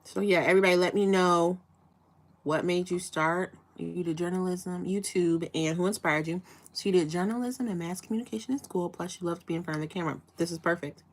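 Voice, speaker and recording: A woman's voice: fairly low pitch, fairly even intonation, fairly quick. A woman from Chicago hosting a casual live chat, asking rambling questions with frequent restarts and fillers. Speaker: livestream host.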